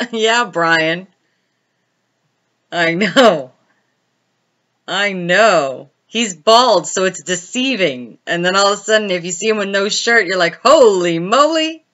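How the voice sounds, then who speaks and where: A woman's voice: medium pitch, slow pace, pauses often, fairly bright tone, lo-fi sound. A woman hosting a casual live stream, chatting and laughing as she answers viewers' comments by name.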